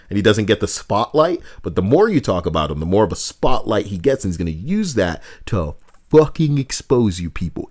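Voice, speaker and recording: A man streaming, ranting in a profane, sarcastic way about gaming news, often slipping into mocking voices. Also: on the low side. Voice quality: animated, swings between mock voices and mutters. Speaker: streamer reacting to posts.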